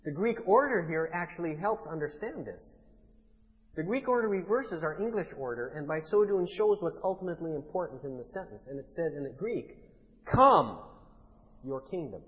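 A man preaching a sermon as pastor, emphatic and building to forceful declarations. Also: fairly high pitch, lively intonation, brisk. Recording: muffled sound in a large reverberant hall.

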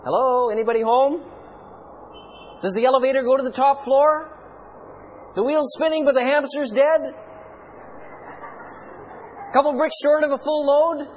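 A man's voice: very high voice, unhurried, long pauses, highs cut off, a little hiss or hum, pitched above the performer's own voice. A man voicing God as an exasperated male figure, mocking people with sarcastic, disbelieving questions. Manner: sarcastic, mock-incredulous.

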